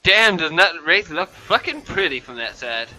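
A man giving loud, profane, excitable commentary over his own gameplay and yelling at opponents. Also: a little high, normal speed. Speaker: gaming commentator.

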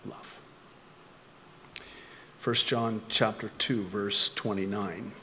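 A man's voice: fairly low pitch, steady tone, extremely slow, sharp tone, big-room sound, a little hiss or hum. A male pastor preaching a sermon, full of rhetorical questions and self-mocking humor.

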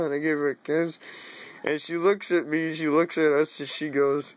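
A man's voice: a little high, fairly even intonation, moderate pace, no echo. A man telling a personal story in casual, profane talk, drawling and saying "dude" often, laughing now and then. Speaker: vlogger.

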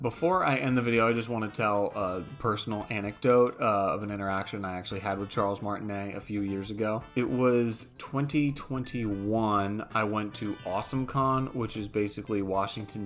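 Young male gaming vlogger, lowish voice, chatty and given to laughing, faint music bed underneath. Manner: chatty, laughs often, tells anecdotes. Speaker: gaming news YouTuber. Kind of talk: casual commentary vlog.

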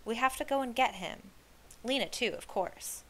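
Prissy storybook girl, dramatic and touchy, bright voice as a woman puts her on. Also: medium pitch, expressive, measured pace. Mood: eager.

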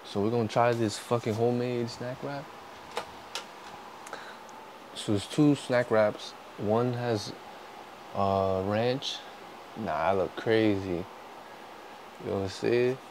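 A young man, a vlogger, in casual food-tasting chat, swearing constantly, joking and breaking into loud outbursts. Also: lowish voice, unhurried, noisy background.

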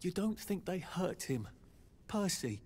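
A man's voice: sits high, big pitch swings, slow, a little mellow, full character voice. An actor voicing a nervous, polite young Englishman in a video game, stammering and sardonic. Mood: hesitant.

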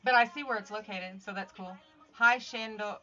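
A woman's voice: medium pitch, normal speed, bright, forceful tone. A woman hosting a casual livestream, chatting upbeat with viewers and greeting them by name while she works on crafts at home. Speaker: livestream host making craft art. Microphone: phone streaming live. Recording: slightly dull audio with faint music.

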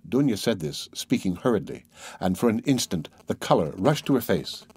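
A man narrating an audiobook in a calm, measured reading voice. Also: on the low side, breathy edge, dry recording. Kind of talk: scripted narration.

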